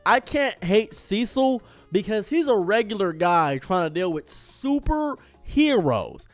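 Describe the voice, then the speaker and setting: A man streamer giving excitable, rambling casual commentary on a show he loves. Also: high voice, takes it slowly, no echo, soft background music.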